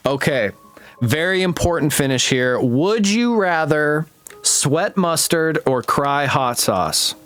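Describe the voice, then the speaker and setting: A man's voice: fairly high pitch, lively intonation, takes it slowly, a bit bright, faint music behind. Laid-back, jokey male podcast host. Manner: laid-back, jokey, says "bro" often. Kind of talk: casual interview chat.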